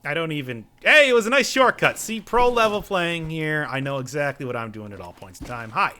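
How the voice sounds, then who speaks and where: A man's voice: fairly high pitch, animated, fairly quick, sharp tone, a little hiss or hum. A man giving casual, joking commentary while playing a video game, often talking back to the game's characters. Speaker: gaming let's-player.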